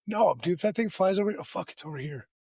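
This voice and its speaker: A man's voice: sits high, fast, gravelly, a little mellow, husky, no echo. A man co-hosting a casual podcast, joking around and swearing freely. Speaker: podcast co-host.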